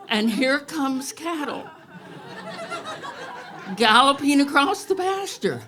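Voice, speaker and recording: A woman telling a true story on stage to a live audience, wry and unhurried, often chuckling. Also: fairly high pitch, lively intonation, a crowd in the background.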